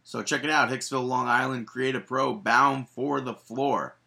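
A man's voice: mid-range voice, steady tone, normal speed, creaky, sharp tone. A man co-hosting a casual podcast, reading results and teasing his co-host. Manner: teasing, joking banter.

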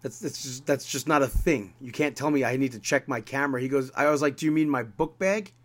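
Speaking fairly quickly in a mid-range voice, a man on a podcast recounts a story, performing every back-and-forth with quoted lines. His casual, animated retelling gets increasingly exasperated.

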